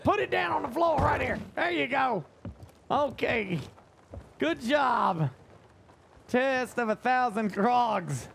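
A man streaming a pirate game as ship captain, bossing and cheering on his crew in excitable, loud banter. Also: very high voice, takes it slowly, vocal fry, pauses often. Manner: bossy, excitable, yells orders at crew. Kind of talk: excited casual gaming banter. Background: game music.

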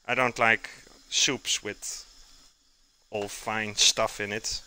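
A man with a non-native English accent hosts a live cooking stream. His voice is bright and sharp. He rambles in a relaxed way and stops to answer viewers' chat messages between steps. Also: lowish voice, slow, smooth, rough recording.

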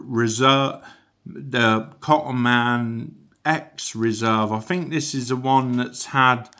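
A man's voice: mid-range voice, a bit bright. A man giving a casual, rambling product review, chatty and full of asides. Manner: rambling, chatty, peppered with "you know".

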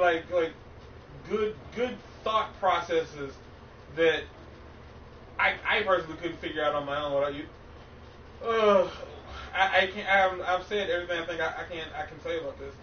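A man streaming a game, ranting in frustration with heavy cursing. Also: high voice. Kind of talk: ranting gameplay stream chat. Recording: echoey, distant, muffled stream audio with faint noise.

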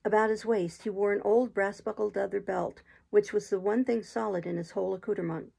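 A woman reading a classic adventure novel aloud as an audiobook in a steady, unhurried storytelling manner. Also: medium pitch, gravelly, husky, rough recording. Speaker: audiobook reader.

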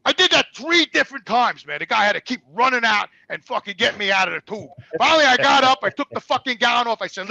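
A man telling animated, profane stories as a guest in casual conversation. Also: sits high, fast, vocal fry, few pauses, no room sound. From New York. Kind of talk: casual storytelling.

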